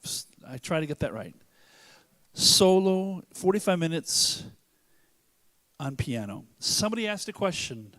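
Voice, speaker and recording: A man's voice: medium pitch, very animated, fairly quick, hardly any pauses, fairly bright tone. A man emceeing a charity auction, joking and rambling with many restarts. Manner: joking, rambling, self-interrupting. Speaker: event emcee. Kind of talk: casual emcee banter. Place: church hall fundraiser.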